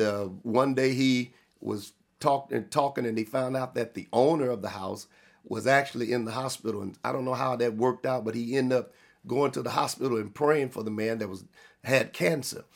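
A man preaching a sermon, his mid-pitched voice rough with gravel and fry. He swings between fast, loud emphatic rises and slow, drawn-out stresses on key words. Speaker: pastor.

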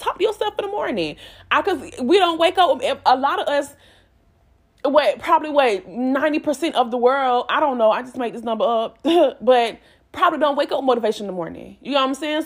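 Twenty-something woman, voice a bit high, hyping herself up with repeated affirmations. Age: 20s. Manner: casual, repetitive, emphatic pep talk. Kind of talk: motivational self-talk monologue.

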